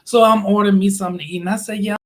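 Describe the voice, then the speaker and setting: A high-pitched man rambles through a casual livestream story. He laughs often and mimics the people he talks about. His delivery is loose and chatty. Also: fairly even intonation, very fast, fairly bright tone. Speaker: YouTube live streamer.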